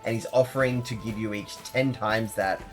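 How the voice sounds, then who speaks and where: A man narrating a tabletop game as game master, relaxed and full of fillers, with faint music behind. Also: fairly low pitch, normal speed. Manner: relaxed, hesitant, many fillers.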